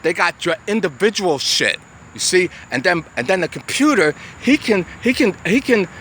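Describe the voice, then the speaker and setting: A man's voice: high-pitched, expressive, normal speed, fairly bright tone. A man, ranting profanely to the camera in a rambling way, stumbling over repeated words. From United States. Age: 60s. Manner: profane, rambling, repetitive stammering restarts. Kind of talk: agitated rant to camera. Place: outdoors on a city street. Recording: faint street and traffic noise. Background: traffic noise.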